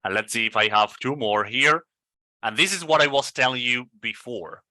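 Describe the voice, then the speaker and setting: Man, Spanish native, English pronunciation coach, very bright voice, slow careful repetitions, dry close sound, video call. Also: mid-range voice, no room sound. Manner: slow, repeats words over and over to model sounds. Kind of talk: online pronunciation lesson.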